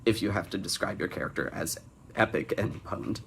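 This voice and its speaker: Young guy roasting bad fanfic, low gravelly voice, dry sarcastic asides. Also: steady tone, a little fast, a bit bright, slight background noise. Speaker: fanfic critic and host. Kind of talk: comedic reading and critique.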